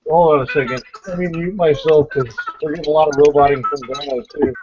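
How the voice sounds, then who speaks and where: With a fairly high voice, huge pitch swings, and a fast pace, a man hosts a casual podcast pre-show chat, blunt and profane and rambling. It comes through a dull, lo-fi online voice call.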